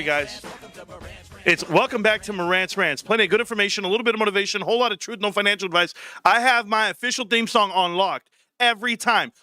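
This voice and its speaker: High, lively livestream host guy. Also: dry recording, clean studio sound. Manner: animated, profane banter with chat. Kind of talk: casual livestream chat.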